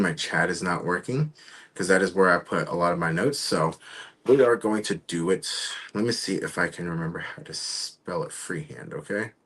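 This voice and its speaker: A man hosting his own live online show, talking casually and haltingly while he waits for his guests. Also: deep voice, a bit bright. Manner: rambling, halting, trails off. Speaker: show host. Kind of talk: casual livestream talk.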